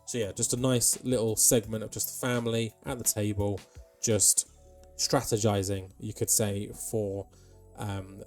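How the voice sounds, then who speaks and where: A man's voice: medium pitch, dark tone. A young man giving rambling casual commentary over a wrestling management game, with plenty of ums and asides. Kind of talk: casual let's-play commentary.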